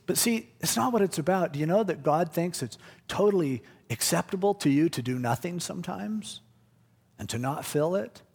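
A man's voice: fairly high pitch, lively intonation, normal speed, vocal fry, a little mellow, breathy edge, in a large hall. A male pastor giving a conversational, jokey sermon. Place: church.

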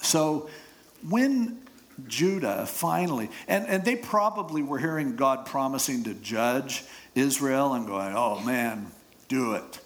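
A man's voice: medium pitch, lively intonation, a little slow. A man preaching, retelling scripture with casual humor and jokes. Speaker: pastor. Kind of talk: sermon.

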